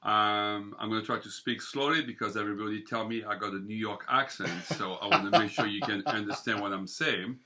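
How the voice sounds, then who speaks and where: Bright-voiced man with a French accent. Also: lowish voice, brisk, few pauses. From France. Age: 50s. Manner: chatty, with frequent fillers. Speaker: guest, bakery owner. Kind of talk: casual interview.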